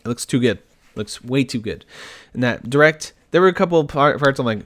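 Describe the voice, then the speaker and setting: Young guy ranting on his podcast, excitable, curses a lot, laughs a bunch. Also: mid-range voice, fairly quick. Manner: laughs between lines. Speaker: podcast host. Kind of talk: solo podcast rant.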